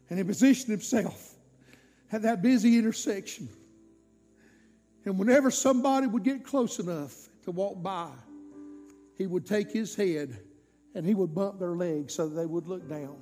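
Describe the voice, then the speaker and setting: A high-voiced male preacher tells a story in a sermon, swinging between loud peaks and hushed drops. His voice carries a long church-hall reverb. Faint music plays underneath. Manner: dramatic, swinging loud and soft.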